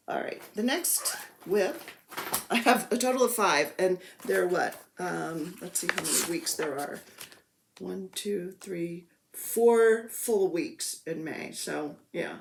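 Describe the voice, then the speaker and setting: A woman's voice: on the low side, animated, takes it slowly, vocal fry, a little hiss or hum. Woman rambling about her stitching, kinda self-deprecating, roomy echo. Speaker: cross-stitch vlogger. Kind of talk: casual show-and-tell chat.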